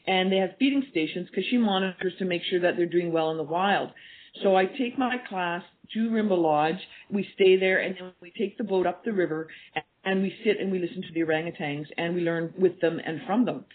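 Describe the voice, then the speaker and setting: Over a tinny phone line, a radio interview guest, a woman who teaches animal communication, tells stories earnestly and performs the quoted dialogue within them. She speaks at normal speed in a voice on the low side.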